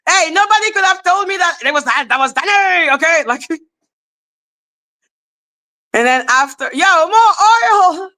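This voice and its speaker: Female host, bright, sharp high voice; unhurried, loud bursts of laughter, salty storytelling. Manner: animated, laughing, profane, breaks into shouts. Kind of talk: casual livestream storytelling.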